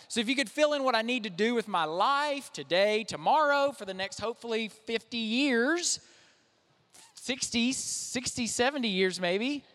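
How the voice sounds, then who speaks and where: A man's voice: extremely high pitch, fairly bright tone. A young man, a pastor, preaching a sermon in a conversational, self-deprecating way. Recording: reverberant hall.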